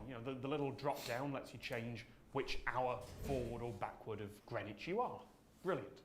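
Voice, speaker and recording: A man's voice: medium pitch, moderate pace, slight background noise. A man presenting a scripted explainer in a wry, storytelling manner. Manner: wry, storytelling, self-deprecating.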